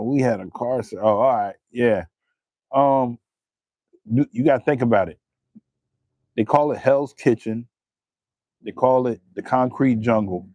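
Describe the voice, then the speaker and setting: Profane, animated man from New Jersey. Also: medium pitch, no room sound. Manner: animated, profane, laughing often. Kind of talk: casual live-stream chat.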